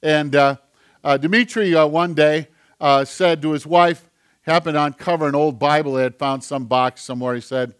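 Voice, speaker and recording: A man delivering a sermon with an earnest, emphatic push behind his words. His voice sits a touch higher than most men's, and he sometimes sinks to a hushed, quiet tone. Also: steady tone, moderate pace, smooth. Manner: earnest, emphatic preaching that drops to a hush for quiet passages. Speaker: pastor.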